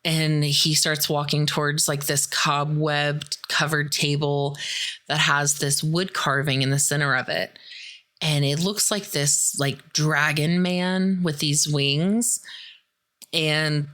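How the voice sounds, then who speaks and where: A woman's voice: low-pitched, steady tone, slow pace, fairly bright tone. A young adult woman hosting a podcast, casually recapping a horror film in a chatty way, full of "like" and "dude". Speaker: podcast host.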